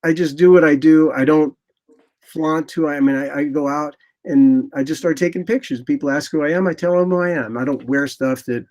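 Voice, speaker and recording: A man in his sixties, a photographer guest in an interview, telling rambling, animated anecdotes and acting out what people said. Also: a little high, fairly quick. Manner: animated, rambling anecdotes with lively quoted asides. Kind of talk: casual interview storytelling.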